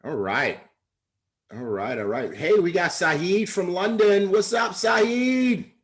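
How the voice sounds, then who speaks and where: A man hosting a weekly livestream training, reading out viewer shout-outs in an upbeat, hyped-up way. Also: a little high, very animated, slow, poor audio. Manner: upbeat, hype. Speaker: host.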